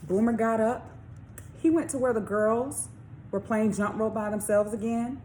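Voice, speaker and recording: A woman author reading her children's story aloud, expressive, with questions to young listeners. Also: on the high side, moderate pace, a little hiss or hum. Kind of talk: storybook read-along for children.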